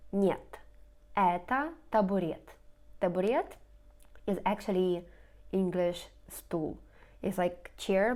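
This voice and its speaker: A woman teaching vocabulary, saying each word twice slowly and clearly and explaining in English. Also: medium pitch. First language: Russian. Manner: repeats each word slowly and clearly, rising question intonation. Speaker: language teacher. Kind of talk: slow lesson narration over slides.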